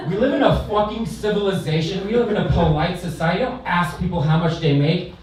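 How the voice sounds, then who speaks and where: A man's voice: on the high side, lively intonation, a little fast, crowd noise. A man from California's San Fernando Valley doing a stand-up set on a comedy club stage, delivering brash, profane, self-deprecating punchlines. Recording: roomy live club sound from a distance.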